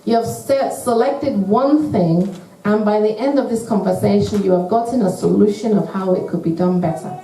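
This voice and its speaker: A woman giving an earnest, measured talk to couples at a church, acting out sample phrases as she teaches. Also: medium pitch, mellow. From United Kingdom. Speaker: church marriage speaker. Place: church hall. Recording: echoey hall, mic at a distance.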